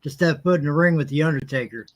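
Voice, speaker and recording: Podcast guy jumping in w quick comments, slightly high voice. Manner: chimes in with short remarks and laughter. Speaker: podcast co-host. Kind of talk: casual chat.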